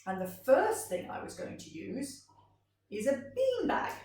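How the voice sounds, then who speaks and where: Gentle sing-song woman teaching in a roomy space. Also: high-pitched, wildly swooping pitch, measured pace, recorded from a distance, slight background noise. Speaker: music teacher. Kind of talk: children's vocal warm-up lesson. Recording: roomy sound from off-mic.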